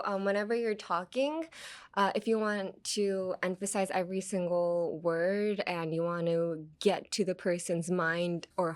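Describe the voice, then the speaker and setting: A young woman hosts a relaxed language-learning podcast, talking through phrases in a chatty, informal way. She slips back and forth between English and Japanese and laughs easily as she explains. Her voice sits at an ordinary middle pitch. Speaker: podcast host teaching English through anime lines. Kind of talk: casual bilingual teaching chat.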